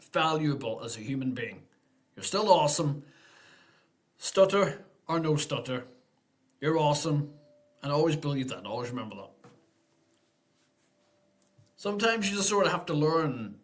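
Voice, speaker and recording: A man hosting a casual live-stream Q&A, talking in an easygoing, rambling way and thinking aloud. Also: a little high.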